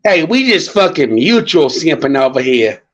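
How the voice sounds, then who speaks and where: A man's voice: fairly high pitch, sing-song, moderate pace. A man joking crudely and laughing in casual stream banter.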